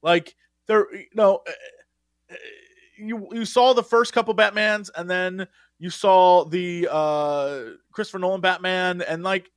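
A man co-hosting a podcast, chatting casually about superhero casting. He is animated and often trails off and restarts mid-thought. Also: high voice, unhurried, no room sound, clean studio sound. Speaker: podcast co-host. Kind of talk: casual pop-culture chat.

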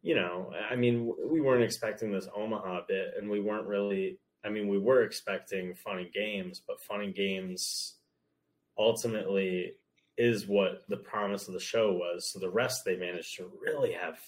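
A man appearing as a podcast guest, talking in a thoughtful, measured way with a few restarts. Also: fairly low pitch, steady tone. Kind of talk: casual chat.

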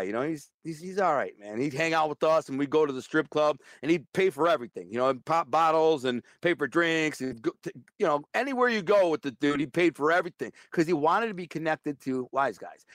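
A man's voice: on the high side, animated, a little fast, fairly bright tone, dry recording, studio quality. A man telling a blunt, streetwise story as an interview guest. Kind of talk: casual storytelling.

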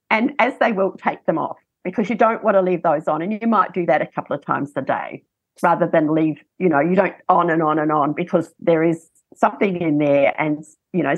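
A woman talks in an easy, chatty way, mixing practical tips with anecdotes. Her voice sits low and a little breathy. The recording is dry and dull, with a lo-fi sound. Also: no echo. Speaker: breastfeeding expert guest. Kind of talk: casual interview chat.

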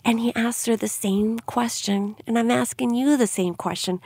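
A middle-aged woman giving an earnest devotional Bible teaching, gently putting questions to her listeners. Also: on the high side, measured pace, gravelly, hardly any pauses, slightly rough, no room sound.

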